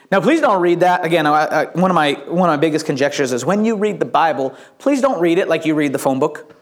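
Animated high-voiced preacher man. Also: brisk. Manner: animated storytelling, acts out voices. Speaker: pastor. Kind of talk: sermon.

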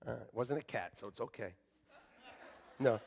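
A male pastor preaching a sermon to his congregation, joking with them and moving between quiet asides and shouted emphasis. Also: medium pitch, moderate pace, gravelly, slight background noise. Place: church sanctuary.

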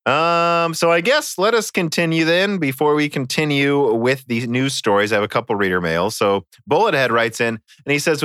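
A man's voice: mid-range voice, a bit bright, dry recording, studio quality. A man with a Midwestern American accent hosting a casual chat, joking and reading listener mail. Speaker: podcast host.

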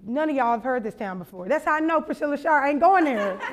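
High-voiced woman preaching with stories. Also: fast. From Louisiana. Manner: animated, laughing, acts out voices in anecdotes. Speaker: conference speaker. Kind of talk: storytelling sermon.

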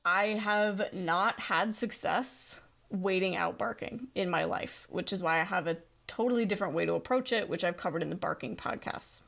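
A woman's voice: mid-range voice, normal speed, gravelly, few pauses, a bit bright. Woman podcast host, earnest and story-driven, answering listener questions on her own. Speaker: podcast host and dog trainer. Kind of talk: solo podcast monologue.

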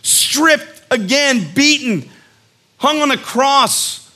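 A man's voice: very high voice, animated, very slow, pushed and bright. A man preaching a sermon as a pastor, conversational and earnest, telling stories and acting out quotes with emphasis. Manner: conversational, storytelling with acted-out quotes.

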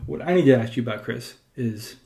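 A man from California hosts a casual podcast conversation at an ordinary middle pitch. He rambles in an animated way, full of fillers and restarts, and jumps up high when he acts out other people. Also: a little fast, creaky. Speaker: podcast host.

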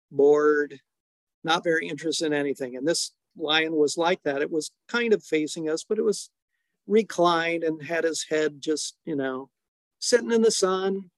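A middle-aged man telling a family story in an unhurried, chuckling way, full of small details. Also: on the high side, no echo. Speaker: storytelling guest, father. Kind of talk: relaxed anecdotal storytelling.

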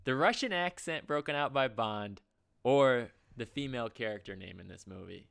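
A man's voice: medium pitch, animated, moderate pace, gravelly, a bit bright, clear, resonant tone. A man co-hosting a casual podcast, chatty and rambling with frequent laughs. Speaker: podcast co-host. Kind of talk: casual chat.

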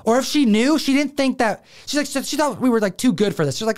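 A man from Buffalo, New York, who hosts a comic book show, recounts a family story in casual conversation, animatedly acting out his relatives' voices. His voice is very high-pitched and fast.

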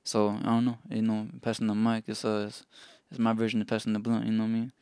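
A man with a smooth, clear voice and a fairly low pitch speaks reflectively in casual chat, often checking in with his listener. The sound is dry. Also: completely flat delivery, fast, dark tone, no room sound. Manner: reflective, tags sentences with "you know what I mean". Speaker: podcast co-host.

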